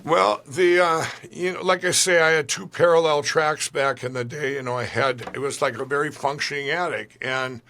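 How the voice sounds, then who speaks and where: A man's voice: a little high, steady tone, moderate pace, few pauses, sharp tone. A man being interviewed, telling a long personal story in a rambling way, full of restarts. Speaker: guest. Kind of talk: conversational interview.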